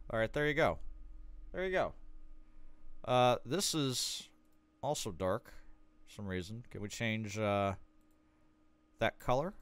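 A man's voice: lowish voice, no room sound. A man streaming a game, casually reading a guide aloud with sarcastic joking asides. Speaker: gaming streamer.

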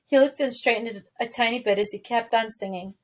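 Woman reading a novel aloud, teacher, steady clear storytelling, somewhat high voice. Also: brisk.

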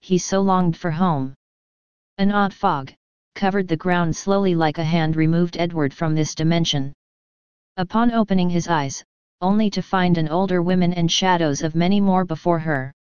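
Clear low-voiced woman narrating horror. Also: normal speed, darkish tone, dry recording. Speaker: story narrator. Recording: dry, dull lo-fi sound.

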